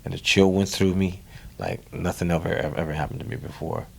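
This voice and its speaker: Deep gravelly New Orleans man telling stories. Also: fast talker. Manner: animated storyteller, repeats words, acts out quoted voices. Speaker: guest musician. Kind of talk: storytelling interview.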